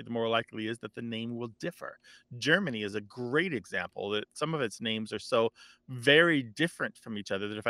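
A man explaining word origins as a guest expert, thoughtful and steady. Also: mid-range voice, dry recording, studio quality. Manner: thoughtful, with fillers and restarts. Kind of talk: conversational explaining.

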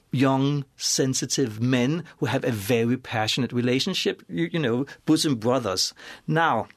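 A man, a scholar and author, explaining at length in a lively, storytelling way, with many restarts and asides. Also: medium pitch, no echo. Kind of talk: conversational expert explanation.

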